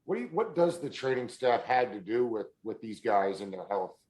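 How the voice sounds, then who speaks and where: A man hosting a sports podcast, asking his guest questions in a relaxed, conversational way. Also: fairly low pitch, normal speed, low-quality recording. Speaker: podcast host. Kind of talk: casual podcast interview.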